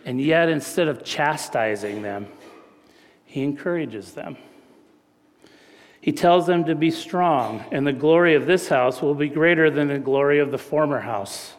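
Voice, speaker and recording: A man's voice: a little high, measured pace. A middle-aged man preaching a conversational sermon, telling family stories in a folksy way and often checking in with "right?". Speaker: pastor. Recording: long reverb of a large hall.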